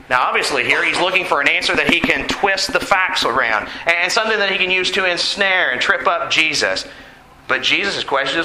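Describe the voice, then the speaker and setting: A man's voice: on the high side, expressive, normal speed. A man preaching a sermon in an earnest way, asking the congregation questions. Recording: echoey room with faint noise.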